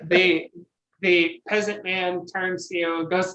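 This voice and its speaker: A woman narrating a tabletop game as game master in a relaxed, unhurried way. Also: lowish voice, poor audio.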